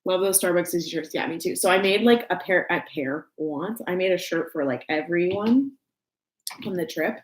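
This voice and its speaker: A woman's voice: on the low side, normal speed. Giggly Texan woman chatting on a livestream. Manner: giggly, rambling, lots of fillers and restarts. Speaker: YouTube crafter on a livestream. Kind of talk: casual livestream chat. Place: room at home. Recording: roomy home echo.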